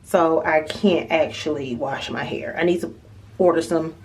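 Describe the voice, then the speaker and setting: A woman's voice: sits low, measured pace. A woman vlogging casually at home, chatting straight to her viewers as she shows what she has bought. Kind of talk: casual vlog chat. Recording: echoey room, camera at a distance.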